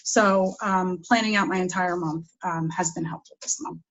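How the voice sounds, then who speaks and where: A woman's voice: lowish voice, steady tone, moderate pace, fairly bright tone, poor audio. A woman with a New Jersey accent, a guest coach sharing tips in a chatty way full of fillers. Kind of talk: casual talk sharing tips.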